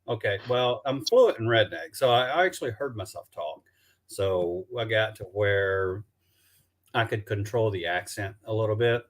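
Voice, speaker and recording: A man's voice: on the low side, lively intonation. Southern man rambling on a live stream. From Alabama. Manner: halting, many restarts and fillers. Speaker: documentary filmmaker guest. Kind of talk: casual live-stream chat.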